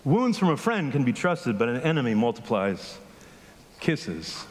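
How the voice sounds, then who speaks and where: A man's voice: mid-range voice, very animated, measured pace, in a large hall. A man preaching a casual, story-driven sermon, often asking the congregation questions. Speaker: pastor. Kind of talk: conversational sermon. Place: church hall with a congregation.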